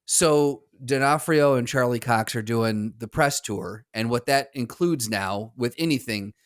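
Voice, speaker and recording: A man's voice: mid-range voice, unhurried, smooth, dry recording, studio quality. Rambling storytelling man, casual podcast. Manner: storytelling, rambling with fillers and laughs. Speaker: podcast co-host. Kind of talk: casual chat.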